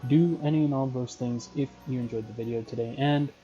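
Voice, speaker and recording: A young man talks through a game in a relaxed let's-play, reading on-screen text aloud and adding his own asides. His voice is dark and mellow. The recording sounds muffled and lo-fi, with faint game music underneath. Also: mid-range voice, fairly quick. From Canada. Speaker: gaming channel host. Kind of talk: casual let's-play commentary.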